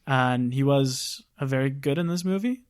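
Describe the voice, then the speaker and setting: This podcast co-host has a mid-range, clean-toned voice and speaks at a moderate pace. Informal and chatty, he relates behind-the-scenes production stories, sprinkling in "like" constantly.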